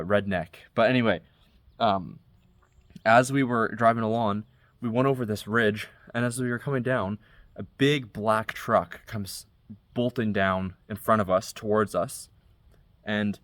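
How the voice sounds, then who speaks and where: Low-voiced young man telling a story. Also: a bit bright, no echo. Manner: conversational, recounting events step by step. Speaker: vlogger. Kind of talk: casual storytelling.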